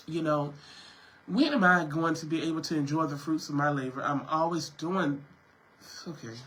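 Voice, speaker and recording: A man's voice: a little high, unhurried, pauses often, fairly bright tone, rough recording. A sick man, venting to his viewers on a livestream from home and coughing. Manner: emotional, repetitive, addresses viewers as y'all. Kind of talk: casual livestream talk.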